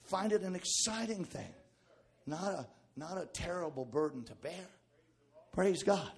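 Preacher swinging from hush to shout. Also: male voice, high voice, animated, measured pace. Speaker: pastor. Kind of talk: sermon.

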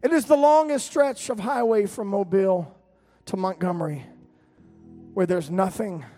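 A middle-aged man, preaching a sermon as a lively storyteller, jumping to loud peaks and laughing between lines. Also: high voice, moderate pace, faint music behind. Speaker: pastor.

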